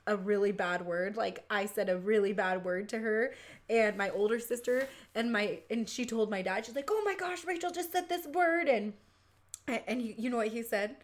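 A middle-aged woman chatting casually, telling family stories in an animated way and laughing often. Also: mid-range voice, moderate pace. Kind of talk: casual chat.

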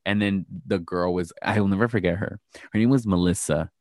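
Casual low-voiced young man chatting. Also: brisk, darkish tone, no echo, studio quality. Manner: rambling, profane, storytelling with quoted voices. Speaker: podcast co-host. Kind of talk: casual chat.

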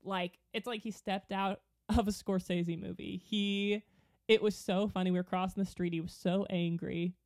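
A woman's voice: mid-range voice, steady tone, normal speed, darkish tone, no echo, studio quality. A woman co-hosting a casual podcast chat. She rambles through a story, giggles often, and trails off mid-thought before starting again. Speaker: podcast co-host.

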